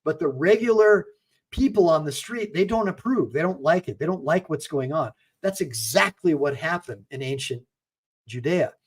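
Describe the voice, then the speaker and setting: A man's voice: on the high side, expressive, normal speed, breathy edge. A middle-aged man delivering a livestream monologue in a slightly raised voice. He talks emphatically and preachily, stumbling and repeating words as he goes. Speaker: attorney and channel host.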